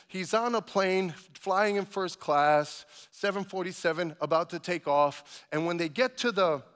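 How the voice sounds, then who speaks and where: A man preaching a sermon as pastor, building to loud emphatic calls and asking his congregation for amens. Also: high voice, long reverb tail.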